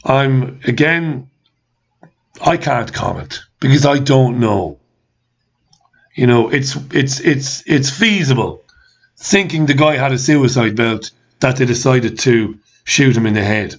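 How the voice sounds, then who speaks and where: A man's voice: mid-range voice, animated, slow. A man hosting a talk show, ranting in commentary with repeated questions and swearing. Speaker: host. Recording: slightly dull lo-fi sound.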